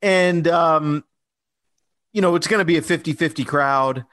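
A man's voice: on the high side, unhurried, fairly bright tone. A man co-hosting a podcast in casual chat, talking loosely with many fillers and restarts. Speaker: podcast co-host.

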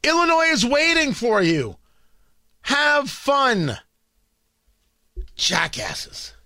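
A man's voice: high voice, sing-song, a little slow, bright, forceful tone, no echo, studio quality. A man from New York with a New York accent, a morning talk radio host giving a sarcastic, combative monologue and often repeating words as he rambles.

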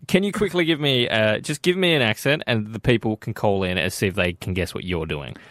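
A man's voice: on the low side, lively intonation, a little fast, a bit bright, no room sound, clean studio sound. A man co-hosting a radio show, running a quiz with casual banter and frequent laughter. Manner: laughs often, teasing quizmaster. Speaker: radio co-host.

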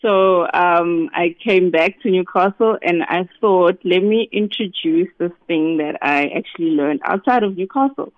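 A guest speaking over the phone in a relaxed interview, often saying "you know". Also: mid-range voice, a little slow, hardly any pauses, no echo. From South Africa. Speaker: guest, business founder. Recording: tinny phone line.

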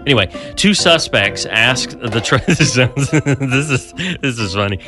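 Bright-voiced man hosting radio chat. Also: medium pitch, animated, measured pace, faint music behind. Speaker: radio show co-host. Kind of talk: casual morning show chat.

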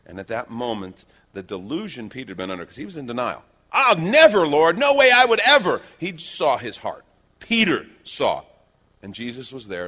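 A middle-aged male pastor preaching a sermon, telling stories with lively changes between loud acted-out lines and hushed quiet moments. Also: sits low, slightly rough. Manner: animated storytelling, acting out quoted lines, dropping to hushed tones.

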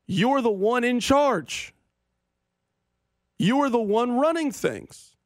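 A man's voice: very high-pitched, lively intonation, takes it slowly, no echo. A man hosting a sports radio show, ranting with opinions and dry sarcasm.

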